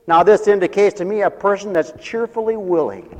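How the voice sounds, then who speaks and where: A man's voice: sits high, very animated, fairly quick. A man preaching an emphatic sermon to a church congregation and a radio audience, calling out for responses. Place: church sanctuary. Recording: long hall reverb.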